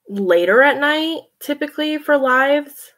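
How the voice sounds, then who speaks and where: A woman's voice: high-pitched, lively intonation, measured pace, fairly bright tone. A woman hosting a casual late-night livestream, chatting, reading comments and laughing often. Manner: chatty, laughs often, talks to her cat. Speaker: livestream host.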